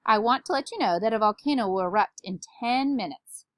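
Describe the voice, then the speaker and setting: A man's voice: sits high, animated, brisk, a bit bright, dry recording, studio quality. A woman voicing a cheeky schoolboy at a science fair in a storybook.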